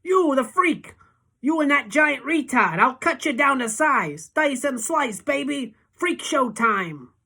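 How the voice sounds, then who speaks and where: A woman voicing a cruel, knife-waving teenage bully boy who shouts sneering taunts in a storybook reading. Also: sits high, animated, slow pace, creaky, voice pushed up, heavily acted. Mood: taunting.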